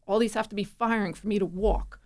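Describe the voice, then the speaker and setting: Animated woman telling a family story. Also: mid-range voice, fairly quick. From New Jersey. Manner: animated, acts out quoted voices. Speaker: guest. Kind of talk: conversational storytelling.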